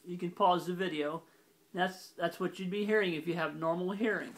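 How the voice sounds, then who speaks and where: A man's voice: high voice, fairly even intonation, moderate pace. A man giving a casual accordion lesson, explaining step by step in a plain, methodical way and stopping now and then to correct himself. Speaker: accordion teacher. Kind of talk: casual instructional demonstration. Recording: loud accordion under the voice. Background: accordion playing.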